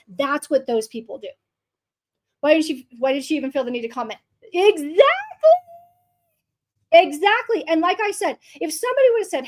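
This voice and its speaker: High-voiced, blunt, profane woman host. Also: animated, moderate pace, long pauses. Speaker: podcast host. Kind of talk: fired-up monologue.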